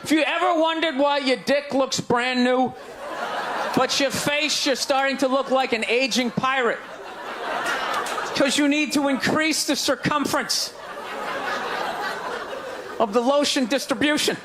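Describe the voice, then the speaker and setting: Ranting male stand-up comic, high voice. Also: fairly even intonation, measured pace, pauses often, noisy background. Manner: ranting, incredulous, shouting punchlines. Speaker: stand-up comedian. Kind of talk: stand-up routine. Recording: live club with crowd laughter.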